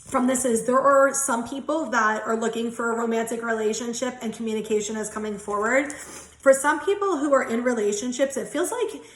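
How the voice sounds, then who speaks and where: Mulher tagarela numa sala com eco. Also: female voice, on the high side, fairly quick, reverberant. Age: 30s. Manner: chatty, giggly, swears casually. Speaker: tarot and angel card reader. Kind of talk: casual spiritual card reading.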